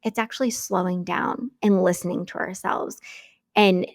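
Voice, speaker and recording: A woman's voice: on the low side, steady tone, normal speed, vocal fry, no room sound, clean studio sound. A woman hosting her own podcast, talking candidly and reflectively in a casual, earnest way, often saying "like". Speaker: podcast host. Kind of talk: casual solo podcast talk.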